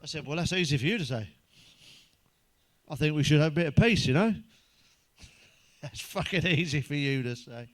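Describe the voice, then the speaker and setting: This stand-up comedian is a middle-aged man whose voice sits on the high side, with lively intonation and a normal speed. He pauses often as he rambles through crude, sweary jokes, chuckling at his own punchlines.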